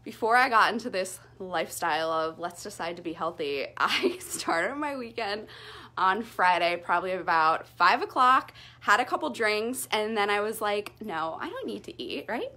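A woman's voice: medium pitch, moderate pace. A young woman vlogging casually at home after a workout, still short of breath, chatty and candid. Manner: chatty, candid, lively storytelling. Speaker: fitness vlogger. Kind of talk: casual talk to camera.

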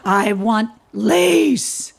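A woman voicing a big demanding hippopotamus in a storybook reading, slow and emphatic. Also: on the high side, expressive, gravelly, slightly rough, a faint crowd, exaggerated voice.

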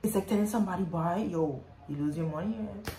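A woman's voice: fairly low pitch, brisk, warm tone. A woman telling an emotional story in her vlog. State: pregnant. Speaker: vlogger.

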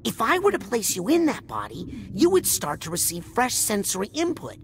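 A woman's voice: mid-range voice, wildly swooping pitch, normal speed, slight background noise. A woman voicing an earnest, polite young psychic boy in a video game, talking in a matter-of-fact, kindly way. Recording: game audio with music behind.

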